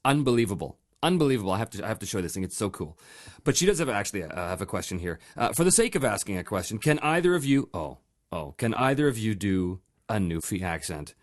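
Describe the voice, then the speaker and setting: Lively low-voiced man reading listener mail. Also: fast talker. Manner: reads listener mail aloud, laughing often. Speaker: podcast host. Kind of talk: casual podcast chat.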